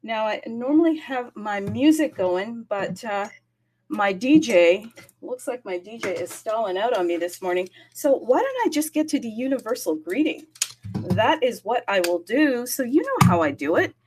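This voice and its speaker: On a casual crypto livestream, a woman host chats in an upbeat way, greeting viewers city by city and talking to her audience with frequent fillers while admitting she talks fast. Her voice is a little high, a little mellow and sing-song, with a slight hiss or hum in the background.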